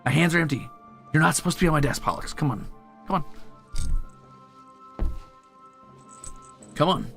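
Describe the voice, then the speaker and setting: A man's voice: a little high, moderate pace, gravelly, pauses often, fairly bright tone, faint music behind. A young man streaming casually, coaxing and teasing his pets with a playful, casual cursing manner. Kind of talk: casual live stream chat.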